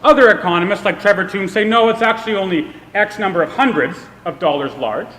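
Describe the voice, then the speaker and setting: A man's voice: high-pitched, brisk, fairly bright tone, a little hiss or hum. A man giving a public speech at a political event, explaining an idea through a self-deprecating personal story. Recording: long reverb of a hall.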